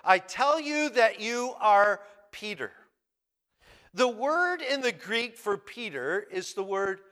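A man preaching a sermon, speaking slowly and with emphasis and repeating key words as he explains a passage. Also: high voice, pushed and bright, in a large hall. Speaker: pastor.

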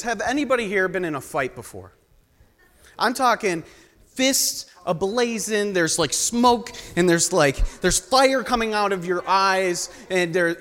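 High-voiced young man preaching in a hall. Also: a bit bright. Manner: storytelling, joking with the congregation. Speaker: guest preacher. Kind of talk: sermon. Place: church sanctuary. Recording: long reverb of a large hall.

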